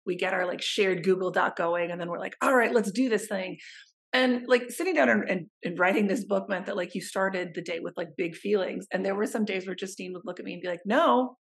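Gravelly-voiced woman telling stories. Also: mid-range voice, brisk. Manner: warm, expressive storytelling with acted quotes. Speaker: therapist, guest author. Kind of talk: casual interview chat.

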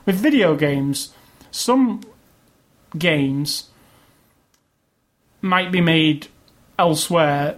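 A man casually chatting about video games as a podcast co-host, opinionated and rambling. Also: on the high side. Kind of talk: casual chat.

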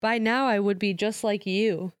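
Woman reading a determined, irritated teenage girl from a novel; smooth and dry. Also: medium pitch, steady tone, normal speed, no echo, close to an everyday voice. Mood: insistent.

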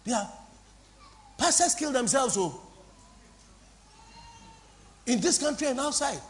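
A woman pastor from Ghana, preaching a sermon to a congregation in an impassioned, repetitive, sing-song way that swings between soft and loud. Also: sits high, sing-song, takes it slowly. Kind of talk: preaching a sermon with call-and-response. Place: church before a congregation.

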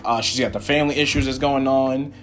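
A young man hosting his own podcast, telling a personal story in a rambling, animated, profane way with lots of fillers. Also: medium pitch, fairly quick, soft background music. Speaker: podcast host. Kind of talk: casual solo storytelling.

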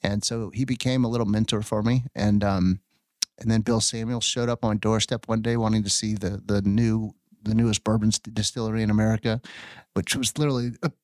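A man's voice: fairly low pitch, fairly quick, dry recording. A man from Houston, a podcast guest telling stories and acting out what people said to him. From Houston, Texas. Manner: lively storyteller who acts out quoted dialogue. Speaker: podcast guest, distillery owner. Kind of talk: storytelling interview.

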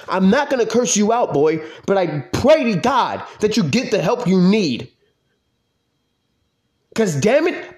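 A man's voice: sing-song, normal speed, darkish tone. A man giving an angry, profane rant about an online wrestling league. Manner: profane, heated, pitch swinging widely.

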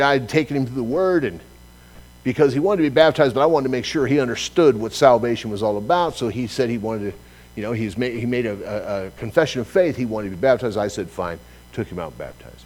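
A man preaching a sermon, telling a personal story with lively acted-out dialogue. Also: medium pitch, low-quality recording. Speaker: pastor.

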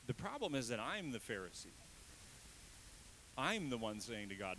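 A man preaching a sermon, emotional and shifting between hushed and raised delivery, acting out inner voices in asides. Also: mid-range voice, very animated, moderate pace, pauses often, slight background noise, rough recording. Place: church stage.

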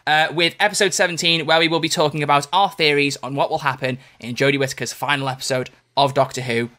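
A man's voice: on the high side, steady tone, fast, pushed and bright. A young man co-hosting a casual podcast, playful and rambling, with lots of restarts. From United Kingdom. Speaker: podcast co-host.

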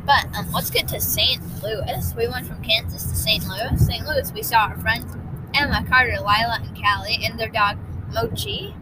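A groggy woman co-hosting a casual family podcast with her son, animated and giggly with lots of ums. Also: fairly high pitch, moderate pace, noisy background. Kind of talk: casual family chat and storytelling.

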